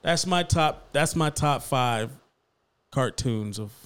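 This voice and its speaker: A man's voice: mid-range voice, lively intonation, slow pace, a bit bright, clear, resonant tone. A man co-hosting a casual podcast in a laid-back, teasing manner. He often stumbles and repeats words as he talks. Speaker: podcast co-host. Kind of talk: casual chat.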